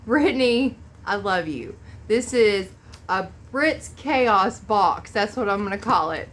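A female vlog host gushes over an unboxing, exclaiming often and sounding emotional, almost in tears. Her medium-pitched voice is fairly bright, with lively intonation and a slow pace, and her manner is bubbly throughout.

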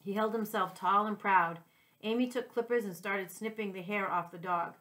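Teacher reading a storybook aloud. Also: female voice, medium pitch, normal speed. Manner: gentle, clear storytelling with small slips. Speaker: second-grade teacher. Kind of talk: reading a children's chapter book aloud.

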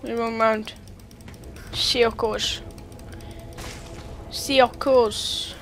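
A gamer giving let's-play commentary, excitable and quickly exasperated, talking back to the game as they play. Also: medium pitch, faint music behind. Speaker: gamer playing through a game.

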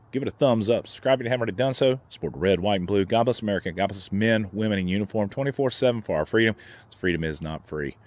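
A man's voice: lowish voice, darkish tone, dry recording. A man hosting his own channel, speaking in a heated, indignant vlog rant with frequent restarts. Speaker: gun channel host. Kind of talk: opinion vlog commentary.

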